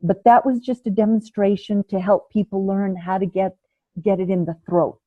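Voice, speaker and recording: A woman teaching a breathing class over a video call, calm and patient, demonstrating the breaths aloud. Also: mid-range voice, normal speed, no echo. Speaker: ayurveda and yoga teacher. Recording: phone-like, narrow band.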